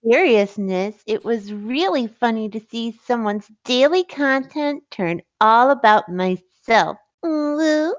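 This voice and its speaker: A woman's voice: on the high side, animated, takes it slowly, hardly any pauses, dry recording, highs cut off. A woman putting on a mock-innocent baby voice, sing-song with cutesy "ooh woo" sounds.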